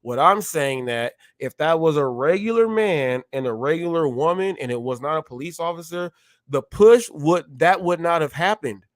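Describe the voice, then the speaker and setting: A man hosting a live stream, talking in an animated way, often repeating himself and acting out short exchanges. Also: a little high, normal speed, dry recording, studio quality. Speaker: show host.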